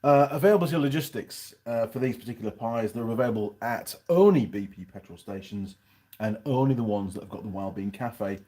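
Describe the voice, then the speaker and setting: Speaking fairly quickly in a warm, medium-pitched voice, the man chats rambly on his casual live stream. He's eating and reviewing a pie for his channel.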